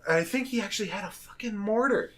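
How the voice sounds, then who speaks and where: Animated young man telling a story. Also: high-pitched, quick pace. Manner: animated, laughing, swears freely, acts out the people he quotes. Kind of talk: casual podcast storytelling.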